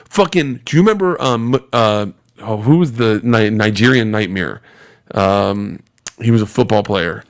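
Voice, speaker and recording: A man in his forties, a podcast guest, tells a rapid, swear-filled anecdote in casual conversation. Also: on the low side. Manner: animated, profane, rapid-fire storytelling.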